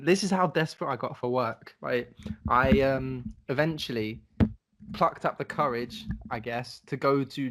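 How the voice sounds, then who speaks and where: Young male podcast co-host, middle pitch, easygoing rambling storyteller who swears casually. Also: a bit bright. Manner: laid-back storytelling, swearing, acts out voices. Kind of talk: casual chat.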